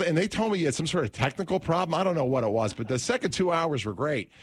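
A man's voice: on the high side, expressive, fast, breathy edge. A middle-aged man who hosts talk radio, telling a personal story in an interview, acting out scenes animatedly and often restarting phrases.

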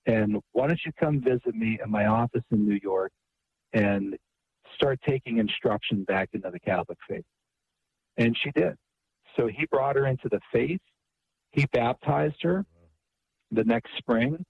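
A man's voice: mid-range voice, slightly rough, no room sound. A man guest retelling a story at length, with many restarts and quoted dialogue. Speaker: author and radio guest. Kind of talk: phone interview storytelling. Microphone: phone line. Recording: tinny phone line.

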